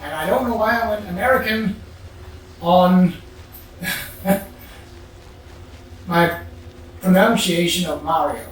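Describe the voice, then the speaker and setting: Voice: mid-range voice, slow pace, long pauses, distant mic. A gamer chatting casually over gameplay, musing and muttering to themself and humming now and then. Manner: musing, mutters to self, hums. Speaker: let's play gamer. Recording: very echoey room, off-mic, faint hiss.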